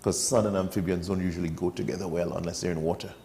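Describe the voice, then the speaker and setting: A man's voice: low-pitched, flat delivery, quick pace, dark tone, a little hiss or hum. A man with a Trinidadian accent, a guest on a morning TV show, chatting and joking as he explains animals with local sayings. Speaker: studio guest explaining wildlife. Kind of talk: casual chat on a morning TV show. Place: TV studio.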